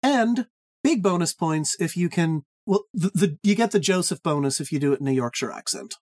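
A woman's voice: lowish voice, lively intonation, moderate pace, darkish tone. A woman hosting a podcast book quiz, playful, handing out points. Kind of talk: casual podcast chat.

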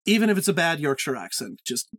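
A woman's voice: deep voice, sing-song, fast. A woman hosting a podcast book quiz, playful, handing out points. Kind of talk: casual podcast chat.

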